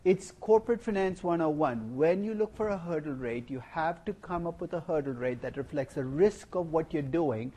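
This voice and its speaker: A middle-aged man giving a university finance lecture, animated and playful, asking the class rhetorical questions. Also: fairly high pitch, normal speed, few pauses. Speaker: finance professor. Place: lecture hall.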